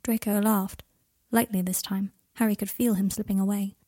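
A woman reads a story aloud in a mid-pitched, slightly husky voice, voicing each character's messages and lines herself. The recording is dry and close, with no room sound around her. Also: steady tone, moderate pace, mellow, no room sound. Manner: reads both characters' dialogue and texts in one voice. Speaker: fan fiction audiobook reader. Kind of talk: scripted narration.

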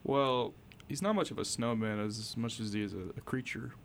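A man's voice: medium pitch, normal speed, slight background noise. A man hosting a casual comedy chat, playful and mock-dramatic. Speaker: host.

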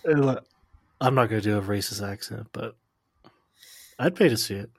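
A man's voice: on the low side, fairly quick, husky, no room sound, clean studio sound. A man co-hosting a podcast in casual chat, joking and teasing, breaking into goofy voices. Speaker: podcast co-host.

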